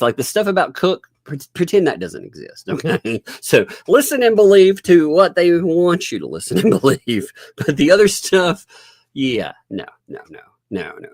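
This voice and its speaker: Sarcastic guy on a live stream, laughing a lot, bouncy pitch, dry close sound. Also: a little mellow, no echo. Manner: chatty, talks while working on screen. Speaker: host.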